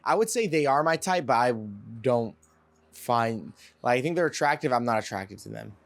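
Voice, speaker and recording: A man's voice: medium pitch, expressive, normal speed, creaky. A man from Santa Clarita on a casual podcast, hesitant, often repeating words and trailing off. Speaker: podcast co-host. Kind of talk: casual chat.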